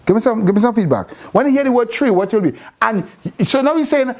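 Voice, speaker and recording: A woman's voice: a little high, expressive, fast, a little mellow. A woman teaching a Bible class, repeating phrases and quizzing her students with questions. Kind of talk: interactive scripture class.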